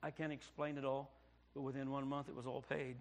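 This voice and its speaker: This male Baptist pastor from Indiana delivers a brisk sermon built around a story, his mid-range voice holding a level tone even as he shifts from hushed passages to near shouting.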